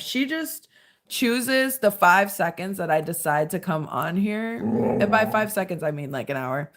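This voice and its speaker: A woman's voice: mid-range voice, lively intonation, measured pace, fairly bright tone. A young woman hosting a casual livestream from home at night, chatting with viewers and scolding her dog. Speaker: livestream host.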